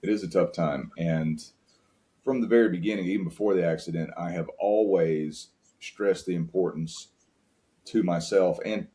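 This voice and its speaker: A man's voice: low-pitched, normal speed, mellow. A man, a podcast guest and father, talking earnestly and openly in a reflective interview, with frequent restarts. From United States. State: tearing up at times.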